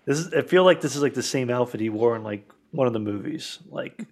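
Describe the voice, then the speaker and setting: A man's voice: medium pitch, animated, quick pace, a little mellow. A man making crude jokes and asides while watching a movie with friends. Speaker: movie riff co-host. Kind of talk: casual riffing over a movie.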